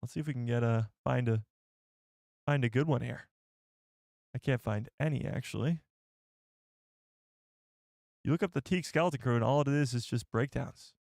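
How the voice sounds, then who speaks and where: A man hosts a live stream in a loose, rambling way, thinking aloud as he answers chat and looks things up. His voice sits at an ordinary middle pitch. The sound is dry, with no room echo. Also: normal speed, vocal fry, long pauses, darkish tone. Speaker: livestream host.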